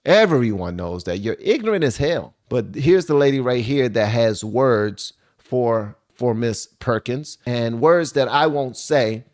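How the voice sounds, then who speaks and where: A man's voice: medium pitch, expressive, unhurried, darkish tone. A man hosting a reaction commentary show, talking into a desk microphone and often repeating himself. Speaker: channel host.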